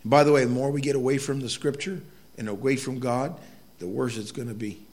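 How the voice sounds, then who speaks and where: A man's voice: medium pitch, steady tone, brisk, a little mellow. A middle-aged man preaching a sermon in a conversational way, telling folksy stories with asides to the congregation. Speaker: pastor.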